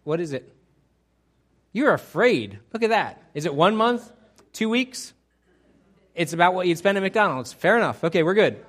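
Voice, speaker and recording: A man preaching a sermon as pastor, animated, moving from quiet asides to loud excited outbursts. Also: high-pitched, normal speed, long pauses.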